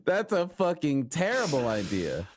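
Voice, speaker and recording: A man co-hosting a podcast in casual chat, tossing in blunt reactions and quick agreeing asides. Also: a little high, huge pitch swings. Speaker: podcast co-host.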